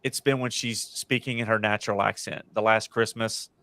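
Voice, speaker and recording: A man's voice: fairly low pitch, steady tone, normal speed, creaky, bright, forceful tone, no room sound. An American man hosting a casual panel podcast, rambling and correcting himself as he gives strong opinions. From United States. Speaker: podcast host.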